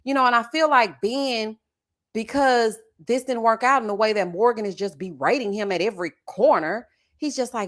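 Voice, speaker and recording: A middle-aged woman runs her reality-show commentary with sass and theatrical flair. Her fairly high voice swoops up and down in lively, animated arcs. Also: moderate pace. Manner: sassy, dramatic, laughing, calls viewers honey and child. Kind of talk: casual reaction commentary reading viewer comments.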